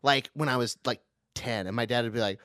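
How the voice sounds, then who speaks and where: A young man co-hosting a podcast, chatting loosely and laughing often through dark banter in a small studio. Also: mid-range voice, brisk, no room sound. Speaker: podcast co-host. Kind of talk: casual chat.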